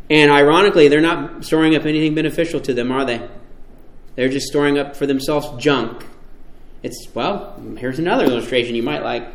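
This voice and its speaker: A man preaching a sermon, emphatic and animated, often asking his listeners rhetorical questions. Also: fairly high pitch, a little fast, roomy sound.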